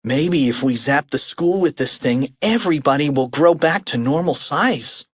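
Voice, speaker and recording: A man voicing a quick-thinking, bossy young schoolboy in a storybook, high and urgent. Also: animated, slightly rough, no echo, studio quality. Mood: eager. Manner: high-pitched, urgent commands.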